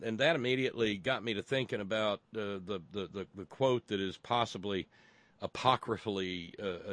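A man's voice: fairly low pitch, a bit bright, no echo. A man giving a rambling, sarcastic monologue with lots of restarts. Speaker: commentator. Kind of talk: casual monologue commentary.

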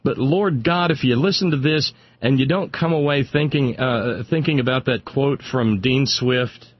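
Husky-voiced sardonic radio talk host. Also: male voice, medium pitch, normal speed, dry recording, muffled recording. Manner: sardonic, rambling, repeats words when worked up. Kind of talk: irreverent political commentary.

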